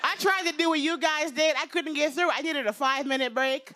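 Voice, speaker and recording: A woman in her fifties works a stage in a brash, confiding stand-up routine. Her voice is high, bright and swings widely in pitch. A faint audience murmurs behind her. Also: brisk, some chatter behind, a little hiss or hum. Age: 50s. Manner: brash, confiding, punchline-driven. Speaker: stand-up comedian. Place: stage before a live audience.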